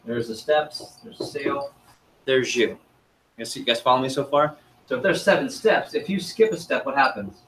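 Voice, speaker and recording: Man, sales trainer, seminar room, upbeat, quizzes the crowd, mid-pitched voice. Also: a bit bright, slight background noise. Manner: quizzes the audience, upbeat and chatty. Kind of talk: interactive training seminar talk.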